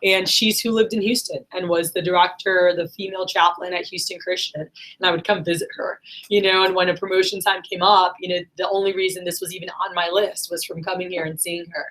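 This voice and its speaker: A woman's voice: on the low side, level tone, a little fast, hardly any pauses, a bit bright. A woman in her thirties telling a personal story in a casual, rambling monologue full of fillers. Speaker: vlogger.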